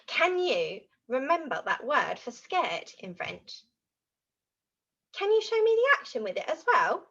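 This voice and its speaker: Woman, children's French teacher, animated and exaggerated, unhurried, slightly husky, dull lo-fi sound. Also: on the high side. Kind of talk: children's language lesson.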